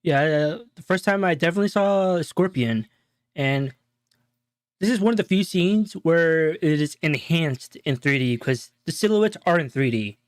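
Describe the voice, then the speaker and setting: A man co-hosting a show, casually breaking down a movie in a rambling, animated retelling full of fillers. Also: on the high side, normal speed, dry recording, studio quality. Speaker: show co-host.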